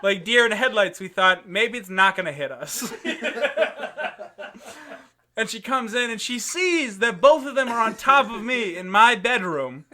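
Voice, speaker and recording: A man's voice: extremely high pitch, measured pace, long pauses, a crowd in the background. A young man, a podcast host, telling a story in casual chat and laughing often as he goes. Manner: animated, laughs often while telling stories.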